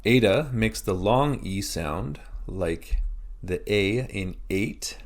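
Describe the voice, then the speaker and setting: A Canadian man teaching a recorded lesson, explaining slowly and deliberately with example words. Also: fairly low pitch, lively intonation.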